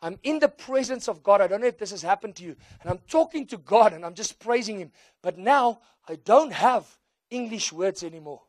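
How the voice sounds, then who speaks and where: A man with a South African accent, a native Afrikaans speaker, preaching a sermon as an animated storyteller who acts out voices and drops in Afrikaans phrases. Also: high voice, a little fast, no echo, studio quality.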